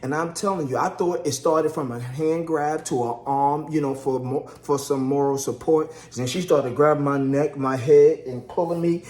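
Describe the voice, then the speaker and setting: This husband's birth story comes at normal speed with few pauses, his slightly high voice bouncing around an echoey room. Chatty and animated in his casual vlog, he talks to "y'all" and acts out the quotes.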